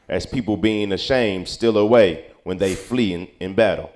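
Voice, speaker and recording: A man reading old-style Bible verses aloud at a steady pace, now and then stumbling over a word. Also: sits low, normal speed, hardly any pauses. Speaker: scripture reader.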